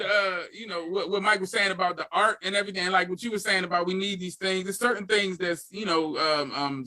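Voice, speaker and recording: A man with a bright, slightly raised voice hosts a loose podcast chat. He is easygoing and laughs a lot. He keeps talking with relaxed fillers. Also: sits high. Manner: laid-back, laughs often, many fillers. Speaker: podcast host. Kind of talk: casual chat.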